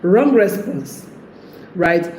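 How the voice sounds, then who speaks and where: Speaking extremely slowly, a woman offers chatty relationship advice, often laughing while she plays out a partner's possible lines. Her mid-range voice is warm with lively intonation. The recording comes from an echoey room with faint background noise.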